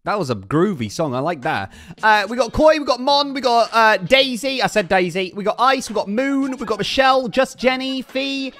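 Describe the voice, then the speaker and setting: Male streamer, high pitch and sharp bright tone, upbeat casual chatter, faint music behind. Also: animated, normal speed. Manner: upbeat, reads out chat names and thanks donors. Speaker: livestreamer. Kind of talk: casual livestream chat.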